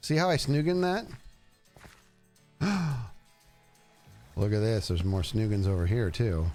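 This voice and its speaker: A man streaming a game and chatting casually, animated and jokey, talking to himself as he plays. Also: fairly low pitch, takes it slowly, faint music behind. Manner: animated, jokey, talks to himself while playing. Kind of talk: casual gameplay commentary.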